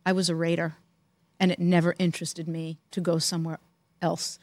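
An older woman co-hosting a podcast, telling animated, giggly stories from her working years in casual chat. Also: on the low side, brisk, dry recording. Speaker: podcast co-host.

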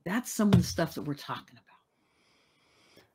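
A woman's voice: lowish voice, expressive, a little slow, background noise. A woman guest on a podcast telling a personal story in an earnest, reflective way and repeating phrases for emphasis.

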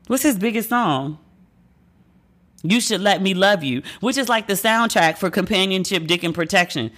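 A woman's voice: on the low side, a bit bright. A woman host in casual chat, telling candid, profane stories with playful acted asides. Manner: candid, profane, gossipy storytelling.

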